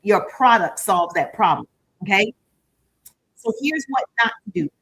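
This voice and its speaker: A woman business coach leading a live-streamed training, upbeat and chatty, giving shout-outs to her viewers. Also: mid-range voice, animated, a little slow, slightly rough, poor audio.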